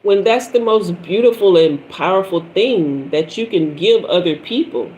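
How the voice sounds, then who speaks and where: A woman's voice: on the low side, expressive, moderate pace, a little mellow, poor audio. Preachy woman in her fifties. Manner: preachy, storytelling, repetitive emphasis. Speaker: tarot reader and spiritual teacher. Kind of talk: livestream talk.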